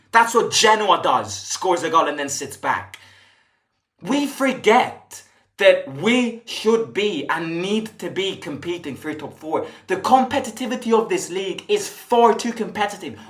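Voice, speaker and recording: A man's voice: high-pitched, fairly bright tone. A man hosting a football fan channel, delivering an exasperated, profane post-match reaction rant with lots of repetition. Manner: exasperated, swearing, repetitive ranting. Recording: echoey room.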